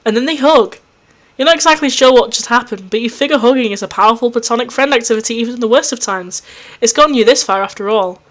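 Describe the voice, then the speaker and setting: Woman narrator, excitable, gushing, fairly high voice, storybook reading. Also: fast. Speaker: host reading fan fiction.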